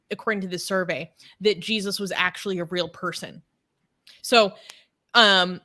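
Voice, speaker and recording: A woman co-hosting a relaxed online talk show, her fairly high voice bright and forward. She reads out survey numbers and viewer comments in a chatty way, laughing easily along the way. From Scottish and Irish ancestry, raised elsewhere. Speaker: co-host. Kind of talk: casual chat reading news and comments.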